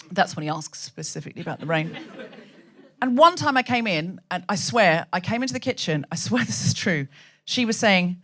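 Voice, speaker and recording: Woman comic host, live stand-up, very animated pitch, chatty and laughing, on a stage mic. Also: normal speed. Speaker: comedy podcast host. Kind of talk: live stand-up comedy monologue. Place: comedy venue stage with a live audience.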